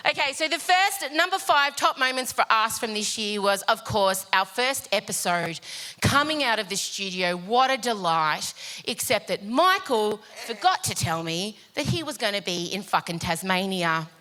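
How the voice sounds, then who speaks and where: A young woman co-hosting a live podcast show, telling animated, sweary stories on stage. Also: medium pitch, moderate pace. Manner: animated storytelling, swears freely. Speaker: podcast co-host.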